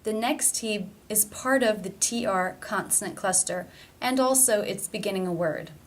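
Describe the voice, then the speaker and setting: Woman teaching careful pronunciation. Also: mid-range voice. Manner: slow, careful demonstration of sounds. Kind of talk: pronunciation lesson.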